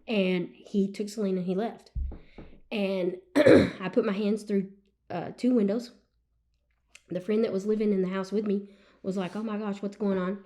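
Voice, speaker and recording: A woman speaks as a podcast guest, sharing a hard personal testimony. Her delivery is earnest and animated, and her voice sits at an ordinary middle pitch. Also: a little slow, long pauses. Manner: earnest and animated, with frequent "you know what I'm saying". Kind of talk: emotional personal storytelling.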